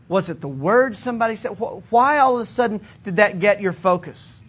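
Man, pastor, high-pitched, earnest sermon, conversational, self-correcting restarts. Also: expressive, brisk, a bit bright, breathy edge. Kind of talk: sermon teaching to a congregation.

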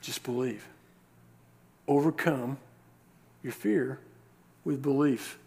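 A male pastor preaching a sermon, reading scripture verses and explaining them with rhetorical questions and slowed, stressed words. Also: medium pitch, gravelly, a little mellow. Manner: emphatic, slows down to stress key words.

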